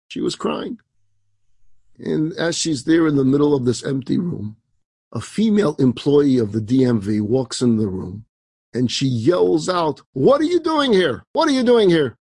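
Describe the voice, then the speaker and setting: A man's voice: mid-range voice, creaky, dark tone, slightly rough, no room sound. A man, a rabbi, telling an inspirational story dramatically, with emphatic asides and rhetorical questions.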